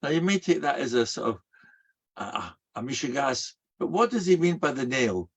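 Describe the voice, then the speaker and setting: A man's voice: mid-range voice, very animated, normal speed, husky. A man giving a sermon as a rabbi, telling stories and asking and answering his own rhetorical questions, peppered with Hebrew and Yiddish terms. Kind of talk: sermon to a live audience. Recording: dull lo-fi recording.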